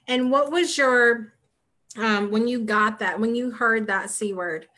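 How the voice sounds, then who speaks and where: A woman hosts an interview in a chatty, friendly way. She laughs easily and asks long, halting questions full of fillers. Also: a little high, pushed and bright. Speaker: host.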